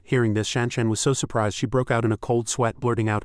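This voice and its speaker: A man narrating a fantasy romance story recap in a steady, scripted reading. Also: medium pitch, brisk, few pauses, smooth, no echo, studio quality.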